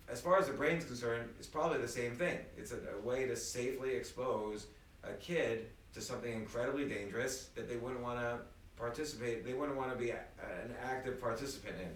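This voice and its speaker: A man's voice: medium pitch, brisk, far from the mic, slight background noise. Male guest, casual talk, restless storyteller; phone mic across an echoey room with faint ambience. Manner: animated storyteller, many restarts. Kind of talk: casual conversation. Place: apartment room. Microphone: phone recording from across the room.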